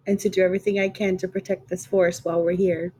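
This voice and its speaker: A woman's voice: fairly low pitch, little pitch movement, fast, dark tone, a little hiss or hum. A woman playing a tabletop game, speaking earnestly and eagerly. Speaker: player.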